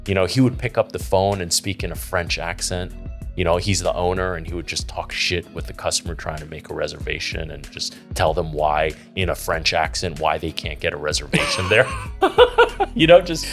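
A man hosting a casual podcast, talking animatedly, swearing freely and laughing loudly. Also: sits low, normal speed, soft background music. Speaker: podcast host.

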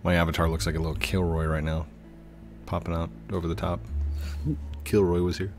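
Host, male, lowish voice, chatty gameplay commentator, quick to laugh. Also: little pitch movement, darkish tone, faint music behind. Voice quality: chatty, laughs often, self-deprecating asides. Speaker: game channel host.

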